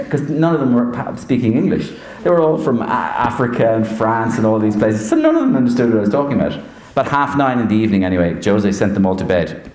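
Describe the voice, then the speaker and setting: An Irish man of middle pitch tells stories in a lively way, breaking into voices and laughter as he goes. His voice rings in a roomy university hall with noticeable echo. It is a relaxed, anecdotal delivery. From Ireland. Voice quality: animated, slipping into voices, laughing often. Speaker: comedian and impressionist. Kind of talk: anecdotal storytelling to an audience.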